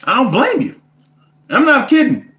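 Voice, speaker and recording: Casting: high-pitched man, comic ranter in an echoey room. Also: normal speed. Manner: animated, profane, rants with repetition. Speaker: host reading viewer comments. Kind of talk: casual comedic storytelling.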